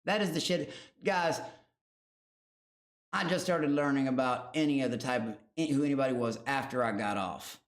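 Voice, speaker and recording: A man's voice: medium pitch, moderate pace. A man streaming a reaction to a show, loose and profane, chatting with his viewers. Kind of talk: casual reaction commentary to chat.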